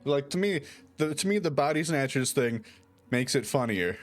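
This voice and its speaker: A man chatting casually with a streamer, relaxed and swearing freely. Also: medium pitch, moderate pace. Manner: laid-back, laughing, swears freely. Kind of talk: casual chat.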